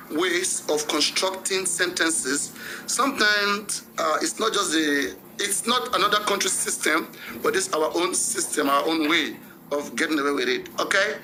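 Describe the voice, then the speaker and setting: A man's voice: a little high, unhurried, bright, forceful tone, soft background music, rough recording. A man with a Nigerian accent hosting a gossip show, chatting casually and mixing Pidgin into his English. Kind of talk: casual commentary.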